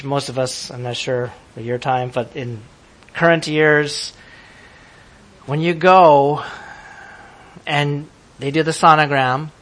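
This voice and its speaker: Male preacher, expressive and playful, slightly high voice with big pitch swings. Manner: lively, laughing, acts out voices of listeners. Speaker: pastor. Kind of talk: sermon.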